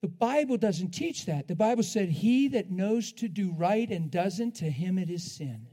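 A man preaching a sermon in an animated way, laughing often and swinging between loud, drawn-out lines and hushed ones. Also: sits high.

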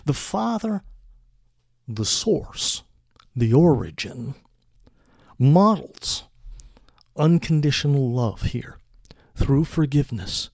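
A man preaching a sermon in a measured, deliberate way. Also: medium pitch, lively intonation, creaky, darkish tone, no echo, clean studio sound.

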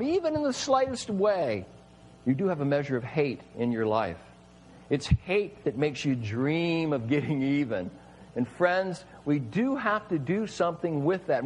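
A man's voice: fairly high pitch, a little hiss or hum, rough recording. A man preaching a sermon, emphatic and full of rhetorical questions to his listeners.

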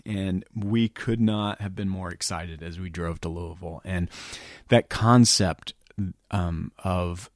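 Middle-aged man, low voice, dry close mic; earnest, halting motivational speaker who slips into near-whispers. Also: no room sound. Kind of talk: reflective motivational talk.

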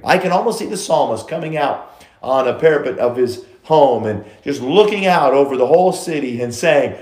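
Male pastor, mid-pitched, storytelling preacher with scripture quotes, echoey sanctuary sound. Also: expressive, normal speed. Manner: swings between loud emphasis and hushed asides. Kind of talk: sermon.

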